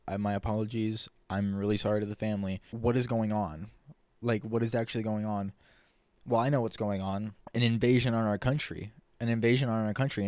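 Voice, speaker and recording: A man's voice: on the low side, darkish tone, no echo. A man vlogging an angry, profane political rant, repeating himself as he gets heated.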